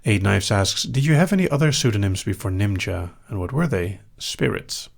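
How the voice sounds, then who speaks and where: A young Dutch man with a Dutch accent hosts a live question-and-answer session, reading listener questions aloud and answering them in an unhurried, dry manner. His voice sits low and carries a gravelly rasp. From Netherlands. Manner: calm, unhurried, dry humor. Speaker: hypnosis show host.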